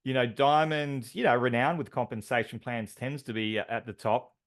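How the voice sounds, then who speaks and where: A man's voice: mid-range voice, fairly even intonation, moderate pace. Chatty man announcing team awards. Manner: enthusiastic, filler-heavy, driving metaphors. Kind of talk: upbeat team call.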